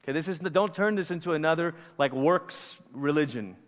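A pastor in his forties from Malaysia, preaching in a casual, animated storytelling manner to a church. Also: a little high, a little fast. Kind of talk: conversational sermon. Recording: long hall reverb.

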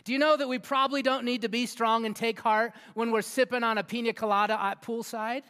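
A man preaching a sermon as a youth pastor in a church hall, energetic and interactive, often asking the audience questions. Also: extremely high pitch. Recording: long hall reverb with faint music.

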